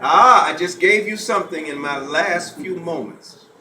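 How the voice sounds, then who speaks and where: A man's voice: a little high, a little slow, pushed and bright, slight background noise. A middle-aged man gives a lecture to a live audience and leads call-and-response. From Gullah Geechee coast of the US. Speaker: lecturer and author. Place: college hall, indoors. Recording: echoey hall with faint ambience.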